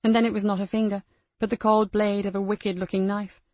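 A woman reading a crime novel aloud as the narrator, in a measured storytelling manner. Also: medium pitch, flat delivery, darkish tone, no room sound, highs cut off. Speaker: audiobook narrator. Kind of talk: scripted narration.

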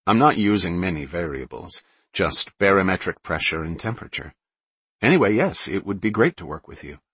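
A man's voice: low-pitched, big pitch swings, brisk, a bit bright, husky, no room sound, full character voice. A man voicing a brainy teenage girl. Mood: friendly. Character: brainy teenage girl explaining plans calmly.

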